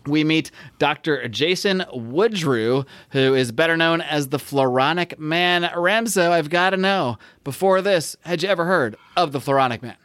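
A man's voice: fairly high pitch, moderate pace, hardly any pauses, a bit bright, no room sound. An American man co-hosting a podcast, chatting casually and rambling, correcting himself and laughing often. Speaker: podcast co-host. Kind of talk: casual comic book podcast chat.

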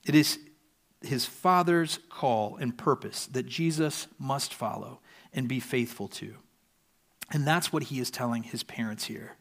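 A man preaching a sermon earnestly, his voice softening at the ends of sentences. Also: medium pitch, measured pace. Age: adult parent. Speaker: pastor.

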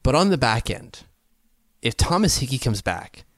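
A man from Canada in his thirties talks through sports topics in a casual podcast chat, analytical and quick to laugh. His voice sits at an ordinary middle pitch. It is recorded dry and close, with no room sound. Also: big pitch swings, dry recording. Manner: chatty and analytical, laughs easily. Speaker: podcast co-host. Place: home basement.

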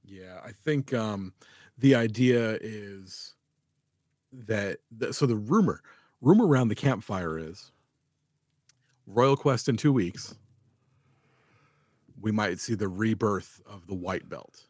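Lowish-voiced excitable podcast man. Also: slow, long pauses, no echo. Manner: profane, excitable, teasing. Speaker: podcast co-host. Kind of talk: casual wrestling chat.

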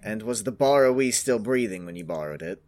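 A man's voice: on the low side, animated, fairly quick, a little mellow. Dry, sarcastic man at a game table.

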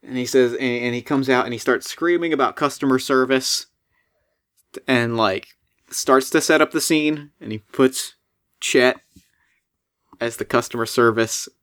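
A man's voice: medium pitch, measured pace, pauses often, fairly bright tone. A man playing in an improvised tabletop role-play, talking in a rambling, hesitant way. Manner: rambling, hesitant, full of fillers. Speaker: player.

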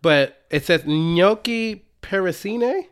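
High-voiced laughing young man. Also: expressive, slow, fairly bright tone, clean tone. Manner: laughs often, self-deprecating, spells out words. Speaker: podcast co-host. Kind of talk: casual chat.

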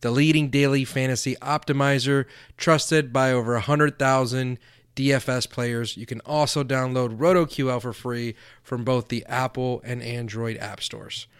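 A man's voice: medium pitch, fairly even intonation, normal speed, clean tone. A man hosting a casual sports podcast, reading an ad and opening the show with energy. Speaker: podcast host. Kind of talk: casual podcast chat and ad read.

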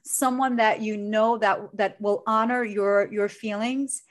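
A woman's voice: medium pitch, fairly even intonation, measured pace. A woman working as a coach, talking in an earnest, emotional way about feelings and healing. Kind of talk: heartfelt conversation.

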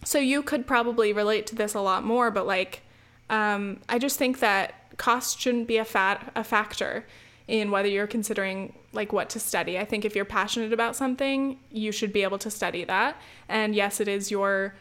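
A woman's voice: mid-range voice, normal speed, a bit bright. A young American woman, a student, ranting casually to her listeners, chatty and full of fillers, restarts and swearing. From United States. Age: young adult. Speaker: student vlogger. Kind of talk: casual rant to camera.

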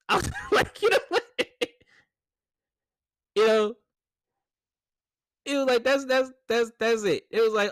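A man casually reviewing a movie, animated and chatty, laughing often and restarting his sentences. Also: sits high, unhurried, pauses often, dry recording.

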